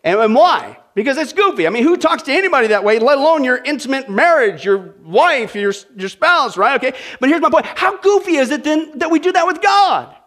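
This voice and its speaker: A man with a high voice preaches a sermon. He is animated and humorous, and he often checks in with his listeners as he goes. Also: fairly quick, hardly any pauses. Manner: animated, humorous, talks straight to the audience. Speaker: pastor.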